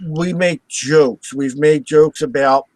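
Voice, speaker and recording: A man with a voice on the high side hosts a live show, slowly telling a story with lots of laughter and acted-out voices, a crowd audible behind him. He's an animated storyteller who laughs at his own jokes, heard on poor audio.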